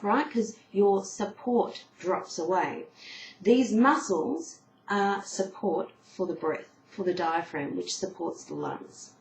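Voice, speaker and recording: A woman of middle pitch teaches singing, explaining breath support step by step and demonstrating the sounds herself. Her voice carries the echo of a reverberant room, with faint background noise underneath. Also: slow. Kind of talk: video singing lesson.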